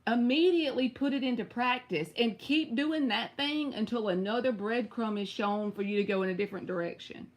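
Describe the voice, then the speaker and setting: A woman's voice: on the high side, fairly quick, hardly any pauses. A woman with a Southern US accent reads tarot cards live. She talks in a chatty, direct way and answers viewers by name. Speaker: tarot reader. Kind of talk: live-stream tarot reading.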